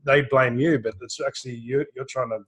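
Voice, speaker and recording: A man's voice: mid-range voice, steady tone, brisk, fairly bright tone, slightly rough. An Australian man leads a live intuitive reading in a loose, chatty way. He circles back over his own words and breaks into laughs, and he sounds like he is on a video call. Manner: rambling, repeats words, laughs often. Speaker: intuitive reader, co-host. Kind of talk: live online session, casual chat.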